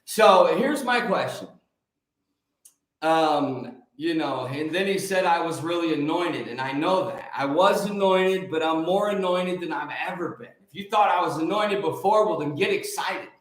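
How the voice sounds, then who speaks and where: Fervent male preacher on a live stream, high-pitched, repetitive declarations, heavy room echo. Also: unhurried. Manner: fervent, repetitive, swings from shouting to soft. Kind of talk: preachy livestream talk answering comments.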